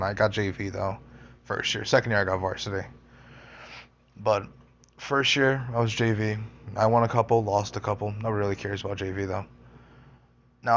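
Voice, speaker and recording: A young man with a low, gravelly voice rambles through his life stories, swearing often and doubling back on himself. The recording is dull and lo-fi, like a cheap home setup. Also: fairly bright tone. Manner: rambling, profane, self-interrupting. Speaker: storyteller, podcaster. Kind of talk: casual personal storytelling.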